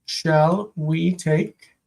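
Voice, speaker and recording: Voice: medium pitch, fairly even intonation, creaky, a little mellow, low-quality recording. A Biblical Hebrew teacher on a live-streamed homework review, translating phrase by phrase and correcting small slips along the way. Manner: slow, deliberate phrase-by-phrase translating with self-corrections.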